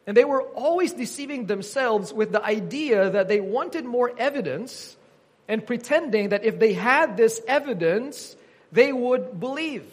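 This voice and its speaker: A man's voice: very high voice, husky. A man preaching an earnest teaching sermon, quoting scripture with emphasis.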